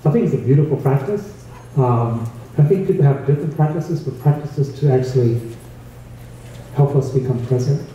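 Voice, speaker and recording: A man with a dark, mellow voice answers slowly and hesitantly, with fillers and restarts. He sounds far from the mic, and the sound is dull and muffled. The room is very echoey, with faint ambient noise. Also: mid-range voice. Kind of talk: casual conversational reply. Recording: dull, roomy, distant mic.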